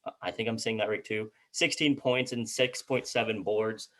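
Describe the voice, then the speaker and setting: A man's voice: fairly low pitch, fairly even intonation, moderate pace, pushed and bright, slight background noise. A man co-hosting a casual sports chat, reading out team records and stumbling over player names. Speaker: co-host.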